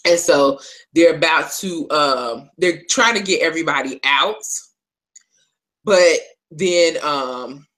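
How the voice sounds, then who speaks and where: A woman co-hosting a casual recap, telling the story in an animated way, acting out the characters' lines, with lots of fillers. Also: sits low, slow pace, rough recording. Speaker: podcast co-host.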